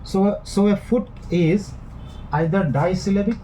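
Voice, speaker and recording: Measured man lecturing on verse. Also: high-pitched, warm tone, a little hiss or hum, poor audio. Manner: measured, repeats and rephrases points. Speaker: English literature lecturer. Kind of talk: classroom lecture.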